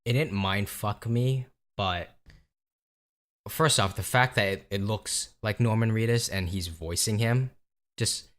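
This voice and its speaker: A man with a very low, deep voice talks through a laid-back podcast chat about video games. He teases his co-host and drops casual swears along the way. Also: a little slow. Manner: relaxed, teasing, swears casually.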